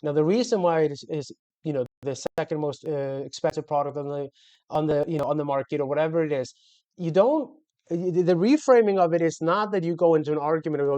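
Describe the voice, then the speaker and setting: Male sales coach, casual talk to camera, mellow timbre on the high side, restarts often. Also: brisk, lo-fi sound. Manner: loose and conversational, many fillers and self-corrections.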